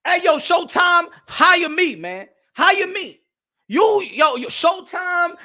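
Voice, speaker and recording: A man hosting a boxing channel, ranting to camera in a loud, repetitive, trash-talking way and keeps asking "huh?". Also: extremely high pitch, sing-song, unhurried. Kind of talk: casual rant to camera.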